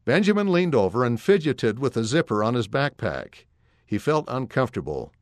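A man reading a children's story aloud in a clear, expressive storytelling voice. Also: medium pitch, normal speed, no echo, studio quality. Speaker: narrator.

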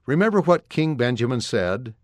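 A man reading as a calm, steady father. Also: mid-range voice, moderate pace, no room sound, studio quality, lightly acted. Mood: gentle.

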